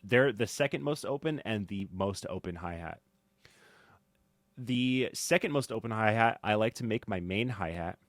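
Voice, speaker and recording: A man teaching drum mixing in a casual tutorial, thinking aloud with fillers and swinging in loudness. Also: lowish voice, normal speed, no room sound. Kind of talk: casual screen-recorded tutorial. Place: home studio. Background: faint music from drum playback.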